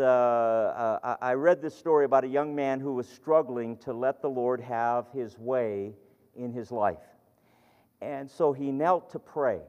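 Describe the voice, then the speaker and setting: Earnest preacher in a reverberant hall. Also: male voice, mid-range voice, darkish tone. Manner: earnest, reads scripture aloud, tells stories with rising emphasis. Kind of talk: sermon. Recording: dull lo-fi sound with long hall reverb.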